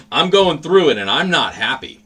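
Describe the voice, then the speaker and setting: A man's voice: fairly high pitch, sing-song, slow, a bit bright, slightly rough. A man hosting a livestream, chatting casually in a rambling, profane, laid-back way. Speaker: livestream host.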